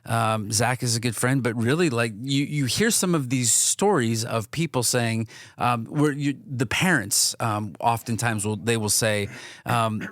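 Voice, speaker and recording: A man's voice: mid-range voice, a little slow, fairly bright tone, no room sound, clean studio sound. A man co-hosting a podcast in a casual, earnest way, often restarting his sentences. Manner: earnest, many restarts and fillers. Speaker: podcast co-host.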